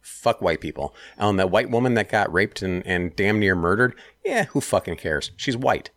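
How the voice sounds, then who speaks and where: A man's voice: on the low side, animated, normal speed, no echo, studio quality. A man ranting heatedly and profanely in a casual chat.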